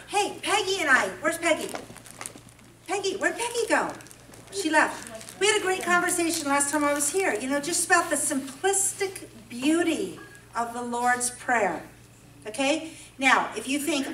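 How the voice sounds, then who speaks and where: Woman speaker from California, high bright voice, lively storytelling sermon, echoey hall, a bit off-mic. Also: a little slow, slight background noise. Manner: animated storytelling, playful then earnest. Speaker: women's breakfast speaker. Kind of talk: humorous sermon. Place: church event hall. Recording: echoey hall, mic at a distance, faint ambience.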